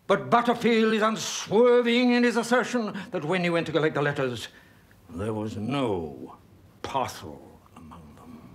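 An actor playing a grave, pompous older country-house gentleman. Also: high voice.

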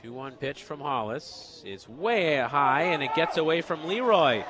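A young man calling baseball play-by-play, excitable and rising to shouts on the big hits. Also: a little high, measured pace, noisy background. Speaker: radio play-by-play announcer.

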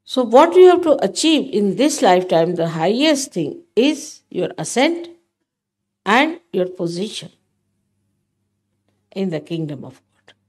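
A woman's voice: medium pitch, sing-song, a little slow, long pauses, darkish tone, slightly rough. An older woman giving a spiritual talk to her followers, emphatic and motherly, often scolding. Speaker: spiritual teacher.

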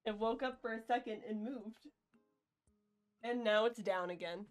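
A woman's voice: fairly high pitch, measured pace, pauses often, faint music behind. A woman streaming a video game, chatting casually and playfully with her viewers in a jokey, rambling way. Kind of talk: casual gameplay chat.

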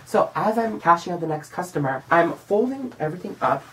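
A young man vlogging a casual storytime monologue, animated and profane, acting out what he said in the moment. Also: fairly high pitch, fairly quick, a little hiss or hum, poor audio. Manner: animated and profane, acts out his own lines.

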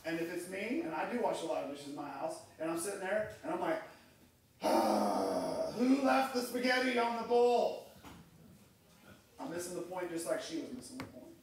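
A man's voice: on the high side, quick pace, few pauses, a little hiss or hum. A middle-aged man preaching a sermon as pastor, telling stories and acting out quoted voices. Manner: storytelling, acts out quoted voices. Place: church sanctuary. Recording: echoey room, mic far off.

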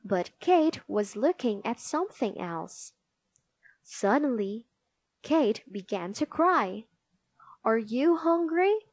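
A woman reading a children's picture book aloud, expressive and sing-song. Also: mid-range voice, takes it slowly, no room sound. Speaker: storybook reader. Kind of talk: children's read-aloud narration.

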